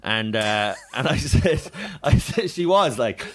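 A man's voice: mid-range voice, lively intonation, slow pace. Rambling, cursing Irish man telling stories. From Ireland. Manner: rambling storyteller, swears freely, laughs often. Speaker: comedian guest. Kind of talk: casual podcast chat.

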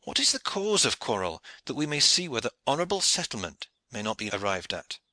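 A man's voice: medium pitch, big pitch swings, a little fast, bright, forceful tone, no room sound, voice pushed up, poor audio. A man voicing a pious young clerk, earnest and pleading.

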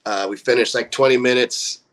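A man's voice: medium pitch, fairly quick. A young man from California in a band, casually telling a story full of swearing and acted-out quotes. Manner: profane, animated storyteller acting out quotes. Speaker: band member.

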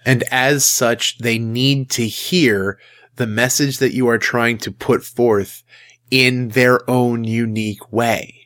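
A man's voice: mid-range voice, fairly even intonation, takes it slowly, a bit bright. Emphatic, conversational male preacher. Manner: conversational, emphatic, acts out quotes. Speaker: Christian speaker. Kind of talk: casual sermon.

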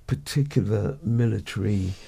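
A man co-hosting a breakfast radio show, reading the news and then discussing it in a measured, deliberate way in a studio. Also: on the low side, creaky, dark tone, breathy edge. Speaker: radio co-host and newsreader.

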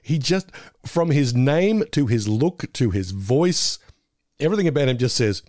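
A man's voice: medium pitch, animated, unhurried, a little mellow, dry recording. A middle-aged man co-hosting a podcast, chatting casually about an episode and laughing often. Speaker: podcast co-host. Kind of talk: casual chat reviewing an episode.

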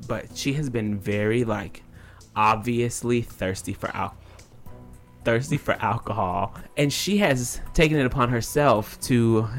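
Male podcast co-host, mid-pitch, animated gossip, faint music under the talk. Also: measured pace. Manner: animated, gossipy storytelling with frequent laughs. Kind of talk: casual chat recapping a reality show.

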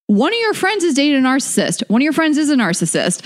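A woman's voice: sits high, very animated, quick pace. A woman co-hosting a podcast, chatting casually, rambling and laughing often. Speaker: podcast co-host. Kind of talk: casual chat.

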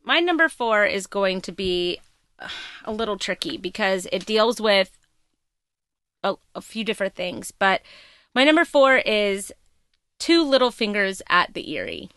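A woman co-hosting a podcast, recapping a TV episode in casual, emphatic, animated storytelling. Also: mid-range voice, measured pace, no echo. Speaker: podcast co-host.

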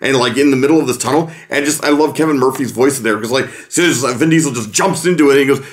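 A man co-hosting a casual chat about movies, eager and quick to laugh as he retells favorite jokes. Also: mid-range voice.

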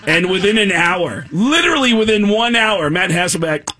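A man, a comedian, telling a comic story on a radio show and acting out other people's voices with gasps and shouts. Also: sits high, very animated, slow pace, long pauses, breathy edge. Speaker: stand-up comedian guest.

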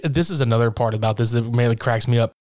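A man in casual chat, recapping a horror film with lots of swearing and laughter, acting out lines in quick impressions. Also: mid-range voice, darkish tone. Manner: profane, laughing, acts out scenes in quick impressions. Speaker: podcast co-host recapping a film.

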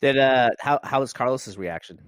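A man hosting a podcast, asking easygoing questions with halting restarts. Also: medium pitch, animated, no room sound. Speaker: podcast host. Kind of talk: casual podcast interview.

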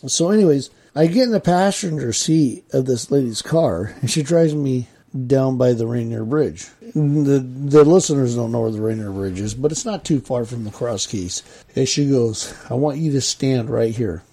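A man's voice: mid-range voice, moderate pace, dark tone, breathy edge. A middle-aged man chatting casually as a podcast co-host, rambling through stories and acting out what others said. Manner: rambling, repeats himself, quotes others. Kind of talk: casual chat, storytelling.

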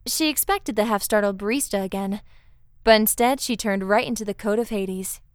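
Woman narrator, smooth and slightly high, dry close sound; calm storybook read. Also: normal speed, no echo.

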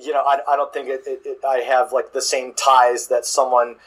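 A man, a drummer, chatting in an interview, halting with many restarts and fillers. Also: mid-range voice, little pitch movement, husky, poor audio. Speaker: guest drummer. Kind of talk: casual interview chat.

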